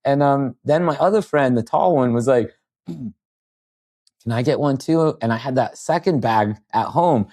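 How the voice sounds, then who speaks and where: A man's voice: medium pitch, measured pace, dry recording. 50s guy on a podcast, telling old stories, acts out the quotes, dead dry sound. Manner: rambling, animated anecdotes with quoted voices. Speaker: podcast guest. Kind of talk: storytelling in casual chat.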